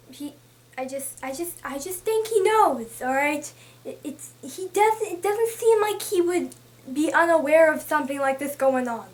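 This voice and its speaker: A young woman talking casually about a book she read, chatty and excitable, often restarting her sentences as she thinks aloud. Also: high voice. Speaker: book vlogger.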